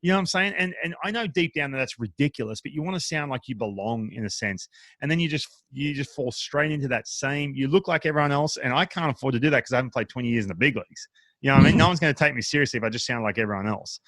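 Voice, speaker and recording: Fast-talking Australian man hosting. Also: medium pitch, dry recording. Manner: quick, animated, trips over restarts. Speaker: podcast host. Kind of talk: casual interview chat.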